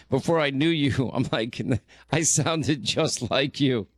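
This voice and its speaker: A man with a New York accent hosting live talk radio, teasing his co-worker and interrupting her in quick on-air banter. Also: mid-range voice, no echo, clean studio sound. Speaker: radio talk show host. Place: radio studio. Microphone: studio microphone.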